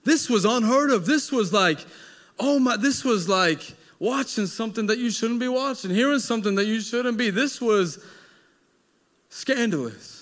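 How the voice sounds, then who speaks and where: High-voiced preaching man. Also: animated, normal speed. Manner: dramatic storytelling, swings from loud to hushed. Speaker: pastor. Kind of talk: sermon.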